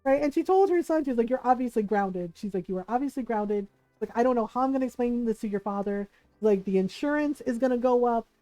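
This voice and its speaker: Woman streamer, high voice, chatty storyteller who acts out quotes. Dry sound, soft music under. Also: animated, quick pace, no room sound. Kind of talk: casual storytelling while gaming. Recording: dry close mic with faint game music.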